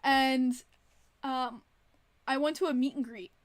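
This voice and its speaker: Young woman streamer with a high, unhurried voice and a dry sound. Rambling and giggly. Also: steady tone, no room sound. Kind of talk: casual livestream chat.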